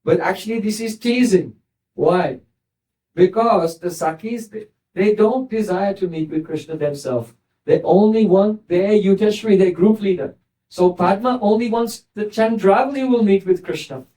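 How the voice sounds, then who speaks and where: High, mellow-voiced man telling a sacred story. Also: moderate pace. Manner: gentle, explanatory storytelling with soft laughs. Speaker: spiritual teacher. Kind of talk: scripture storytelling lesson. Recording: voice distant from the mic.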